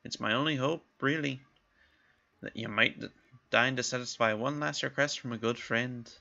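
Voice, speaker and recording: A man's voice: medium pitch, moderate pace, bright, forceful tone, lo-fi sound. A man voicing a grumbling, wine-loving male companion who wheedles for favors. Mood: wistful. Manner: wheedling, gruff.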